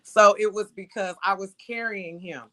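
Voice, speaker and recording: A woman's voice: mid-range voice, moderate pace, pushed and bright. A woman, speaking frankly and conversationally as an interview guest. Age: 30s. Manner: frank, laughs readily, conversational. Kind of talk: candid interview talk.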